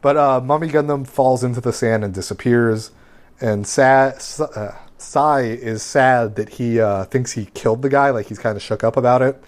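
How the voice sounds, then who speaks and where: A man's voice: mid-range voice, moderate pace. A man casually recapping an anime episode on a podcast, rambling with lots of fillers. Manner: rambling, filler-heavy summarizing.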